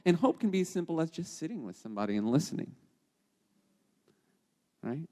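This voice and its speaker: A man's voice: fairly high pitch, very animated, fairly quick, dark tone. Chatty male teacher in a reverberant space. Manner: chatty, keeps checking in with "okay?" and "right?". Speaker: podcast host and teacher. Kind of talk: conversational devotional teaching.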